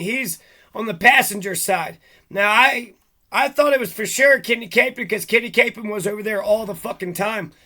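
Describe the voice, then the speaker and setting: A man's voice: high-pitched, bright, forceful tone. A man talking alone to his audience in an agitated, rambling, heavily profane rant. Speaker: vlogger. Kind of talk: monologue to camera.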